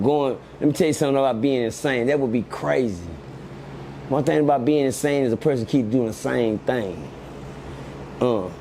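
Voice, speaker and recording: A middle-aged man, telling animated stories as an interview guest, laughing often and asking "you hear me". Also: medium pitch, a little hiss or hum.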